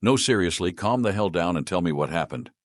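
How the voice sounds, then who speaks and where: A man's voice: low-pitched, expressive, brisk, dry recording, studio quality. A man voicing a good-humored male enchanter who runs a shop, speaking easily and wryly. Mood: startled. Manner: easygoing, wry.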